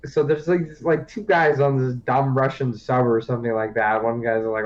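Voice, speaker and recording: A man's voice: medium pitch, level tone, a little fast, few pauses, highs cut off. A man co-hosting a podcast, recapping a TV series in casual, rambling chat, swearing and laughing often. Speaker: podcast co-host.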